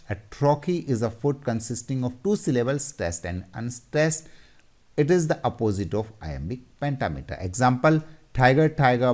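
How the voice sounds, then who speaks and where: Slow, low-voiced man teaching from slides. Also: a little mellow. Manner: slow, methodical, repeating each step. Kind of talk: slide-based poetry lesson.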